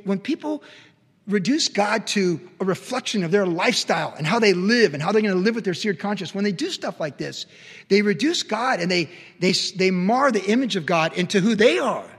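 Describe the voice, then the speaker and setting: A man with a notably high voice preaches a sermon, driving his points home and then dropping to a hush. His words ring out with a long reverb, as if he stands in a big hall. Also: husky. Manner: emphatic preaching with sudden swings between loud and soft. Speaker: pastor.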